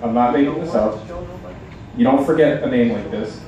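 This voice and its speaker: A young man doing a halting, deadpan stand-up set at a bar open mic night. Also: medium pitch, muffled recording. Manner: halting, deadpan delivery with many ums. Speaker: stand-up comedian. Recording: echoey bar sound from a distance.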